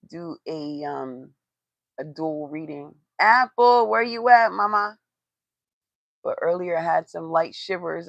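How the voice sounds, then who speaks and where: Tarot reader on a livestream: gravelly, cursing, blunt, chatting to viewers, dry close sound. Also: medium pitch, fairly bright tone, no room sound, muffled recording. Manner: blunt and profane, swears for emphasis; talks to the live chat, calling out to viewers.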